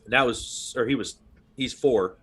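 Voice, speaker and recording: A podcast host in his thirties chats casually in a medium-pitched, husky voice with a bit of brightness, speaking at normal speed. He's a loose, rambling storyteller who keeps saying "you know what I mean."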